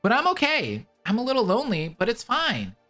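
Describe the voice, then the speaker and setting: A man voicing a small, lonely floating robot who fusses gently over others as he reads a story aloud. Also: extremely high pitch, wildly swooping pitch, a little fast, faint music behind, voice pushed up, full character voice. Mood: gentle. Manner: gentle, fussing.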